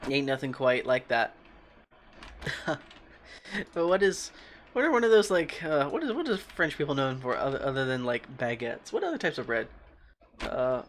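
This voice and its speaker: A young man streaming a game, rambling and joking in a casual, often quiet voice, talking into a desk microphone at home. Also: medium pitch, very animated, moderate pace, long pauses, a little hiss or hum. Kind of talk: casual gaming stream commentary.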